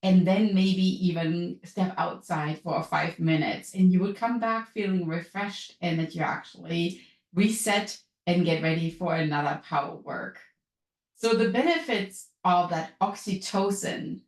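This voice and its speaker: A woman from Europe with a European accent, a business and wellness coach hosting her podcast in an upbeat, chatty way. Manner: upbeat, chatty, lively pitch swings. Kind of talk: solo podcast talk. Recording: echoey room.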